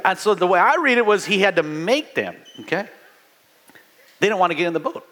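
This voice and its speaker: A man's voice: high-pitched, expressive, fairly quick, sharp tone. A middle-aged man, a pastor, preaching a fervent sermon in a church, calling out to the congregation and restarting his phrases. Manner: fervent, call-and-response preaching with many restarts.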